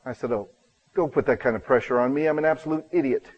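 A man's voice: mid-range voice, fast talker, darkish tone, breathy edge, highs cut off. Earnest male pastor telling a story. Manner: earnest, self-deprecating storyteller who acts out dialogue. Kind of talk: storytelling sermon.

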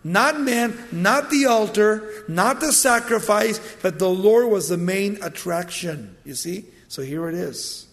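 Brief: high-voiced male preacher, dramatic storyteller, recorded in an echoing church hall. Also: expressive, takes it slowly, few pauses. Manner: storytelling, dramatic swings from loud to hushed. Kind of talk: sermon. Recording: long hall reverb.

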